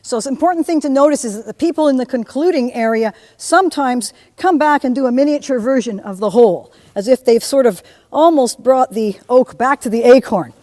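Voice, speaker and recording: A woman teaching a music theory lecture to a class in a lively way, often humming or singing examples. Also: sits high, brisk, few pauses, in a large hall. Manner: lively, hums and sings examples. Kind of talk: university lecture.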